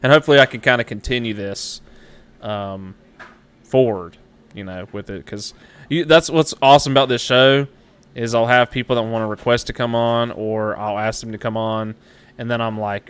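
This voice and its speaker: A man hosts a casual live web show with an easygoing, mid-pitched voice. He jokes about himself and laughs often between thoughts. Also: a bit bright, clean tone. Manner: jokey, laughs often, self-deprecating. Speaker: webshow host. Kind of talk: casual live-stream interview.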